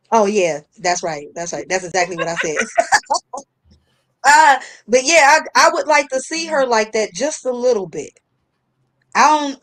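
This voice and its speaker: A woman hosting a casual chat show, telling a story in a lively, slangy way with frequent laughter. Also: medium pitch. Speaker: host.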